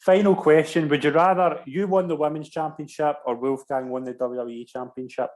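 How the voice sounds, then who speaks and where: A man hosting an interview, briskly moving through questions with short affirmations. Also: a little high, fairly even intonation, a little mellow. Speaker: host. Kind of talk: casual interview.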